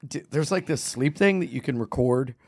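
A man co-hosting a comedy podcast, firing off quick questions and banter in casual chat. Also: medium pitch, expressive, dry recording, clean studio sound. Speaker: podcast co-host.

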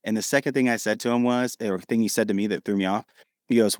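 Ohio guy talking fast, animated storytelling, dry close sound. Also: fairly low pitch, dry recording. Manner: animated, acts out quoted dialogue. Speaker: podcast guest. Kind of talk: storytelling in a podcast interview.

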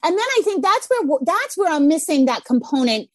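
A high-voiced woman whose pitch swings widely as she talks. She speaks as a parenting coach in a relaxed podcast chat, animated and quick to laugh. The sound is close and dry. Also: no echo. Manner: animated, laughs often, acts out little scenes. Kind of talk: casual podcast conversation.

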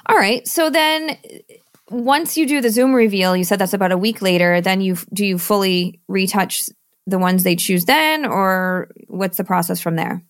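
A woman's voice: medium pitch, normal speed, dry recording, studio quality. A woman hosting a podcast, asking questions and cheering her guest on in an upbeat, affirming way. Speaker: podcast host. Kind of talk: conversational interview.

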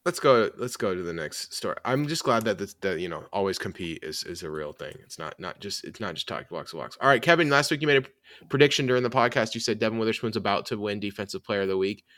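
Lively low-voiced man, crisp dry sound. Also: fast talker, dry recording. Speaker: podcast host. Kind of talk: casual sports chat.

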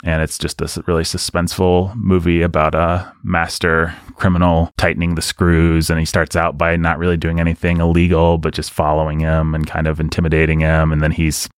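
A man's voice: sits low, monotone, fairly quick, hardly any pauses, smooth, no echo, studio quality. A man co-hosting a podcast, chatting casually and with strong opinions about old films, wandering off into side stories. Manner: opinionated, conversational, digressive. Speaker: podcast co-host. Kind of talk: casual film discussion.

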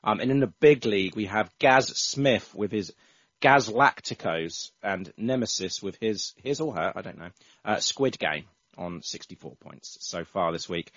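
A man's voice: fairly low pitch, lively intonation, measured pace, a bit bright, no echo. Chatty male podcast host, stumbling restarts, muffled dry recording. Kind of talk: casual football podcast chat. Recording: dull, dry, lo-fi sound.

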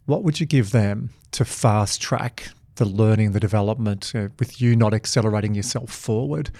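A man's voice: fairly low pitch, moderate pace, gravelly, warm tone, no room sound, clean studio sound. A man hosting a casual podcast interview, asking questions with enthusiastic, playful, teasing banter. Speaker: podcast host.

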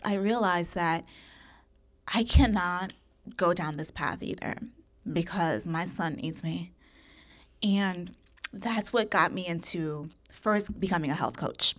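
A woman talking in a casual podcast conversation, candid and expressive, swearing freely and acting out her old thoughts. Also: lowish voice. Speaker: podcast guest.

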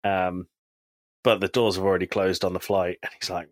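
A man's voice: low voice, level tone, moderate pace, no room sound. A man co-hosting a podcast in casual chat, animatedly retelling TV scenes and quoting characters. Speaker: podcast co-host.

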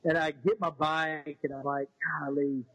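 A middle-aged man telling a personal story in an animated way, often repeating words and acting out what people said. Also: fairly high pitch, measured pace, no room sound, poor audio.

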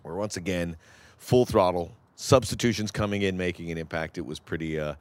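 Low-voiced reflective soccer co-host. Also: male voice. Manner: measured and reflective, with hesitant restarts. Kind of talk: casual sports chat.

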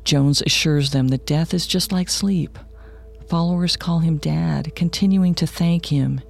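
A man narrating a scripted true-crime story in a measured, matter-of-fact way. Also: fairly high pitch, vocal fry, a little mellow. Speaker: podcast narrator.

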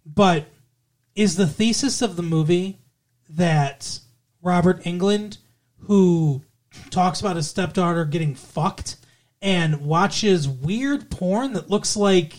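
Podcast co-host, casual movie review, profane, rambling, fillers, mid pitch. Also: slow pace, a little mellow.

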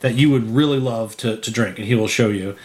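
A man hosting and narrating a tabletop game as game master, relaxed and halting with many fillers. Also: lowish voice.

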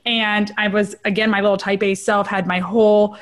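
Her mid-range voice is flat in delivery as this middle-aged trauma researcher, an interview guest, candidly recounts her personal history. A quick "right?" regularly punctuates her speech.

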